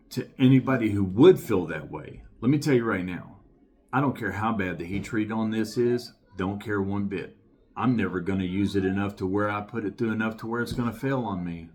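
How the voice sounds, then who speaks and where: A man with a slightly low voice gives a casual knife review to camera. He talks emphatically and with plain enthusiasm, circling back to hammer the same points again and again. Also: darkish tone. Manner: emphatic, enthusiastic, repeats himself.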